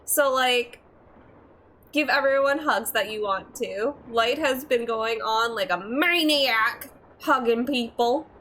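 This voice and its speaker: Young woman streamer, slow unhurried talk, slightly high voice, giggly and chatty, live game commentary, faint noise. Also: a bit bright, poor audio.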